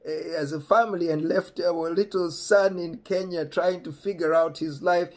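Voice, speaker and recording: A man voicing his amused older father, speaking slowly and drawing words out. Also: on the high side, steady tone, darkish tone, voice pushed up, lightly acted.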